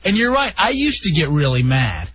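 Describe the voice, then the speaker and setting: A man's voice: a little high, wildly swooping pitch, moderate pace, slightly rough, dry recording, highs cut off. A man hosting a casual radio talk show, telling stories in a laid-back, jokey way. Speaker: radio host.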